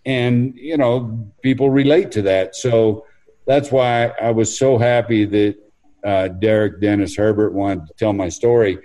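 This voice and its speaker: A man's voice: fairly low pitch, unhurried, mellow, poor audio. A man answering interview questions in an earnest, reflective way. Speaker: interview guest. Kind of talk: casual interview.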